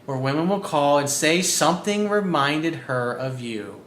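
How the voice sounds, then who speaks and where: A man with a somewhat high voice talks bluntly and forcefully as a dating coach, reading a viewer's email and breaking in with profane remarks. The room gives his voice a noticeable echo, and faint background noise runs underneath. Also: expressive, unhurried. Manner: blunt, profane, emphatic commentary.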